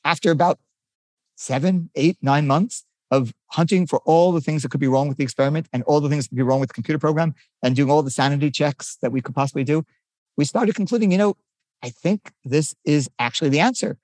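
A man's voice: on the high side, quick pace, a little mellow, no echo, clean studio sound. An older man, a physicist guest, explaining his research eagerly in a conversational interview, often restarting his sentences.

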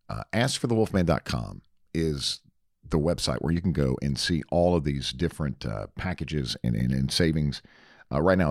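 A man's voice: very deep voice, gravelly, no echo, studio quality. A man hosting a radio show, chatting in a folksy, joking way and reading live ads. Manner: folksy, jokey, teasing. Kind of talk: casual chat and live ad read.

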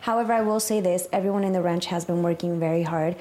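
A woman co-hosting a casual livestream chat, relaxed and thoughtful, reading out chat comments. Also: lowish voice, quick pace.

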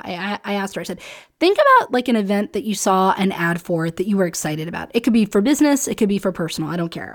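A woman hosting a solo business podcast, chatty and emphatic, often laughing and acting out what others say. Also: medium pitch. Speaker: podcast host and business coach.

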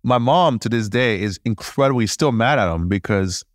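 A man, a podcast guest, telling stories casually in an animated way, laughing and acting out dialogue. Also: mid-range voice, normal speed, no echo, clean studio sound. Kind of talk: casual storytelling.

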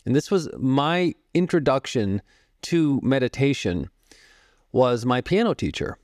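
A man in his fifties, a podcast guest, telling stories about music and meditation in a calm, reflective way and explaining through analogies. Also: medium pitch, measured pace, no echo, studio quality. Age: 50s. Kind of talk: storytelling interview talk.

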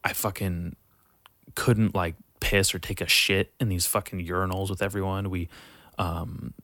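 Deep-voiced young man telling a rambling story. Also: level tone, unhurried, sharp tone, no room sound, studio quality. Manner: rambling, profane, laid-back storytelling. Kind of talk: casual chat.

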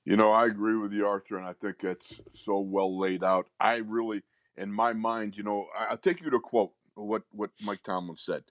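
An older man co-hosting sports radio, telling a lively anecdote and laughing as he goes. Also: lowish voice, moderate pace, hardly any pauses, dry recording, studio quality. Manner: animated storyteller who laughs through his anecdotes. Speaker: radio co-host, former player. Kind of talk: casual sports radio storytelling.

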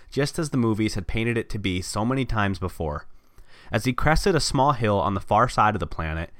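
On a podcast he co-hosts, a man reads his own short story aloud and runs it down, laughing at himself in a self-deprecating way. His voice is lowish with a fairly bright tone, captured in clean studio sound with no echo.

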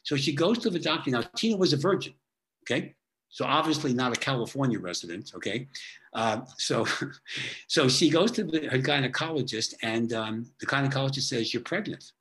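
He's animated and talks at a moderate pace, with a medium-pitched, slightly bright voice. As a podcast guest, this author and therapist tells his clients' case histories chattily, regularly adding "okay?" at the end of a sentence.

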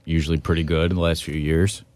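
A man's voice: extremely low pitch, flat delivery, quick pace, a little mellow, dry recording. A man in his thirties co-hosting a sports podcast, asking eager questions in a casual chat. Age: 30s. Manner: eager, asks questions, laughs easily. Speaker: podcast co-host.

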